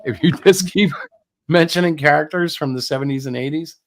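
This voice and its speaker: A man's voice: fairly high pitch, fairly quick. A man in his fifties co-hosting a casual livestream, rambling and poking fun at himself. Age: 50s. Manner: rambling, self-mocking, joking. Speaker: comic creator and co-host.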